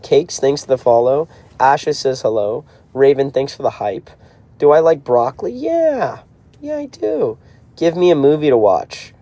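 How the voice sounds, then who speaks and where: A man's voice: mid-range voice, normal speed, dark tone. A man in his twenties in a car, chatting casually on a livestream and answering viewer comments. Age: 20s. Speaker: band member hosting a livestream.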